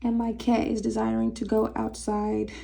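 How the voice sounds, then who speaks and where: A woman's voice: fairly high pitch, completely flat delivery, normal speed, gravelly, mellow. A woman giving a chatty, casual tarot reading to her viewers. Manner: chatty, breaks into singing, talks to cat. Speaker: tarot reader.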